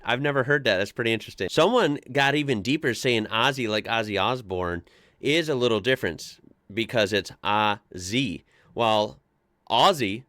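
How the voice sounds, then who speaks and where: On his casual commentary show, an American man chats with amusement, reading posts out loud and layering in asides. He speaks at medium pitch with a fairly bright tone, recorded in studio quality without any echo.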